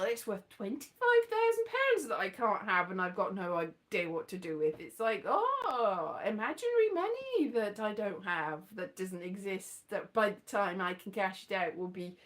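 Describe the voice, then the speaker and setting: A woman's voice: mid-range voice, a bit bright. A woman rambling through a casual monologue, chatty and digressive with playful asides. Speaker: vlogger.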